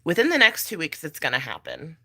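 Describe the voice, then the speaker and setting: Pregnant lady vlogging, low but bright voice, chatty and blunt, cusses and laughs a lot. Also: huge pitch swings, brisk, creaky. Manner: blunt, chatty, swears often, laughs between thoughts. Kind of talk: casual chat.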